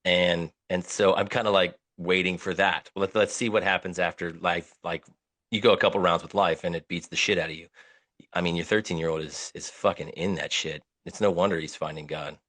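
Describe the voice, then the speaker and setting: A low-voiced man hosting a casual podcast. He talks bluntly with plenty of swearing and halting restarts. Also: fairly even intonation, a bit bright. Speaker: podcast host.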